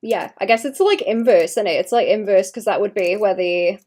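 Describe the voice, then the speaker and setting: A woman's voice: medium pitch, fairly quick, a little mellow. A young adult woman giving casual livestream commentary while she paints, thinking aloud, trailing off and restarting sentences, with occasional muttered asides. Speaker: streamer painting live.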